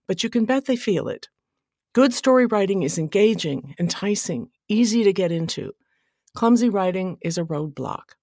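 Measured woman narrating writing advice. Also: on the low side, darkish tone, dry recording, studio quality. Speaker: writing podcast host. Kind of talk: scripted narration.

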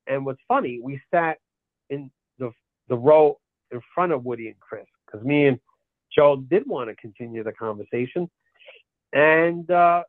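A man's voice: fairly high pitch, dry recording. A man in casual conversation, telling a long rambling anecdote full of quoted dialogue and restarts. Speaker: podcast guest. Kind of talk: casual storytelling. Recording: tinny phone-like line, dry.

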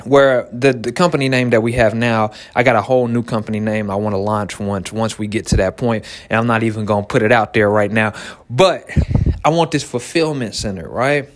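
A man, a small business owner, giving a motivational talk to entrepreneurs in an animated way, repeating key phrases and laughing often. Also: on the low side, brisk.

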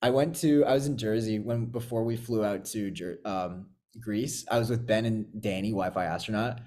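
A man's voice: fairly low pitch, normal speed, darkish tone. A man from Canada hosting a podcast in casual chat, rambling and swearing freely with lots of filler words. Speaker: podcast host.

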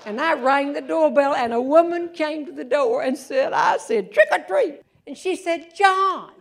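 A woman's voice: high voice, normal speed, vocal fry. A woman telling comic stories on a theater stage, acting out the voices. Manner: animated, acts out voices, laughs along. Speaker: humorist and storyteller. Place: theater stage before a live audience.

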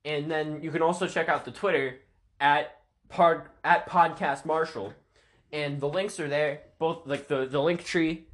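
A man's voice: a little high, fairly bright tone. A man hosting a casual podcast, rambling and joking around with plenty of goofy asides. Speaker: podcast host.

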